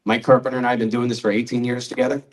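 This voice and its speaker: This forties-aged magazine publisher talks very fast at a medium pitch and a level tone while introducing honorees at a trade show press conference in an event hall. He tells a chatty story and quotes others along the way. The low-quality audio was captured from a distance, with slight background noise.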